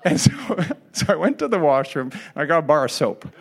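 Pastor guy, middle-aged, kinda high voice, laughing thru a funny sermon story. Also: fairly quick. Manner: animated storyteller, laughs often. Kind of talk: sermon with humorous personal story. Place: church hall before an audience.

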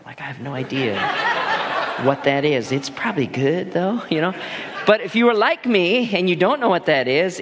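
A man in his thirties, a pastor telling personal stories in a lively, animated sermon full of restarts. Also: on the high side, background noise. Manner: animated, laughing storyteller with many restarts. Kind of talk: storytelling sermon.

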